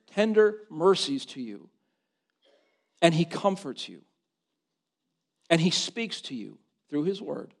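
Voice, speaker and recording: A man's voice: a little high, sing-song, takes it slowly, creaky, long pauses. A man preaching a sermon, reading scripture aloud and repeating words as he builds to impassioned, rising emphasis.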